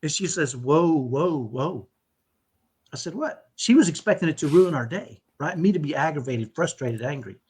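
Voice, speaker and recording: A middle-aged man tells his story as a podcast guest in a husky voice. He pitches his speech a little high and keeps checking in with his listener. The delivery is lively and conversational. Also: fast talker, hardly any pauses. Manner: animated, repeats "right?" often. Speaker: podcast guest, autism dad.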